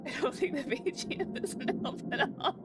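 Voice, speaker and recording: A woman streaming a game, talking casually in a halting voice while holding back tears. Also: high-pitched, over loud music. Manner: tearful, halting, trails off into soft laughs. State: close to tears. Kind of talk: casual live-stream commentary.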